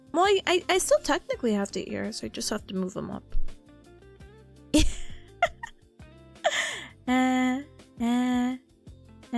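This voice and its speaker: A woman streamer chatting casually with her viewers, bubbly and giggly, often gushing. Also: on the high side. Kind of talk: casual chat with chat readers.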